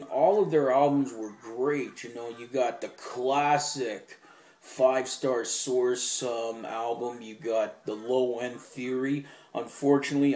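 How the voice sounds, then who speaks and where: A man's voice: mid-range voice, reverberant. A young man casually showing off his favorite albums, enthusiastic and rambling, swearing now and then. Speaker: music collector vlogger. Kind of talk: casual show-and-tell.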